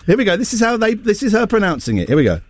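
A man's voice: sits high, huge pitch swings, very fast, soft background music. A man hosting a radio show, joking and rambling playfully with his co-hosts. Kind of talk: casual on-air banter.

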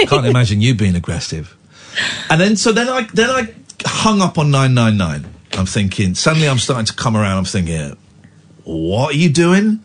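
Brief: male radio host, husky voice, animated and swinging in pitch, emotional confessional storytelling. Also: a little fast. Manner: emotional, animated retelling with restarts. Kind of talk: candid storytelling chat.

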